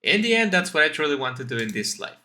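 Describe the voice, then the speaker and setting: Man voicing an eager young student, earnest, devoted, bright tone, raised voice, game dialogue. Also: on the high side, very animated, fast, voice pushed up, exaggerated voice. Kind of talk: reading game dialogue aloud.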